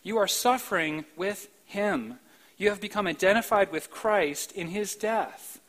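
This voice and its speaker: A man preaching a sermon in a church, swinging between soft, slow passages and sudden loud, emphatic outbursts. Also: high voice, low-quality recording. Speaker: pastor. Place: church sanctuary, live-streamed.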